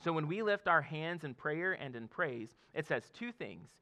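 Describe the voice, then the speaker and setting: A man's voice: on the high side, animated, moderate pace, pushed and bright. A man in his thirties, a pastor, giving a conversational sermon with laughs and frequent "okay?" check-ins to the congregation.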